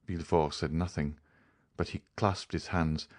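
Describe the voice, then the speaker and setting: Deep-voiced male audiobook narrator. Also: measured pace, dry recording, clean studio sound. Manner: steady, even storytelling. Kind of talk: scripted narration.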